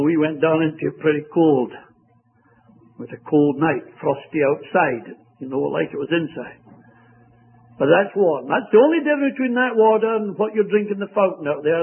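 A man's voice: on the high side, breathy edge. A man preaching a sermon in an emphatic, earnest way, on a tinny, phone-like recording.

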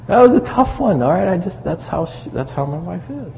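A middle-aged man preaches in an animated, chatty way, asking the congregation questions as he goes. His voice sits fairly high with a gravelly edge. It is a dull, lo-fi recording with a long reverb from a large hall and faint noise underneath. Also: brisk, few pauses. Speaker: pastor. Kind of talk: sermon on marriage.

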